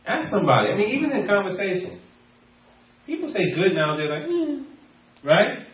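A man's voice: high voice, very animated, a little fast. A man preaching a sermon as a pastor, playful and laughing often as he acts out bits of everyday talk. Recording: echoey room, voice from far off, dull sound.

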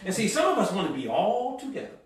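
A man's voice: sits high, sing-song, fast talker. A man preaching a sermon in a fervent, colloquial way, repeating words in bursts as he builds. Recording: echoey room, mic at a distance.

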